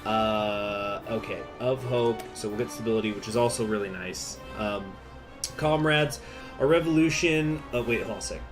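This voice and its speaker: A man's voice: lowish voice, little pitch movement, moderate pace, hardly any pauses, music in the background. A man hosting a gaming channel, chatting casually and getting sidetracked while he plays. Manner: easily distracted, chatty, many fillers. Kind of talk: casual gameplay commentary.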